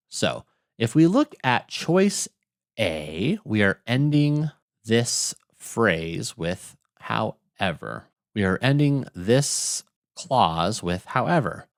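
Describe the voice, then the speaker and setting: A man tutoring test prep, talking through grammar questions in a lively teacher's tone and asking rhetorical questions. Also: fairly low pitch, dry recording, studio quality. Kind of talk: explaining grammar questions on screen.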